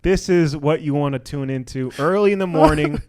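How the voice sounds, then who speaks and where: Young guy cohosting a podcast, hyped and jokey, clean smooth voice, kinda high. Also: darkish tone. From Washington D.C. area. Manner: hyped, joking, talks fast with restarts. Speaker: podcast co-host. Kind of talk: casual podcast chat.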